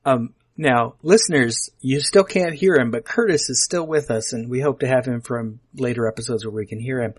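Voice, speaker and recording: A man's voice: mid-range voice, normal speed, hardly any pauses, husky. A man hosting a podcast in a playful, teasing chat. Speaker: podcast host.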